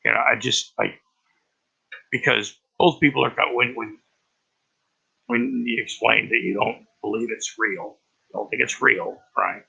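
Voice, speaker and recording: Gravelly man with a tense, sharp edge; halting, profane rambling, lo-fi recording. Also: lowish voice, fairly even intonation. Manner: halting, profane, many restarts. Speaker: vlogger. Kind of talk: rambling personal monologue. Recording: dull lo-fi recording.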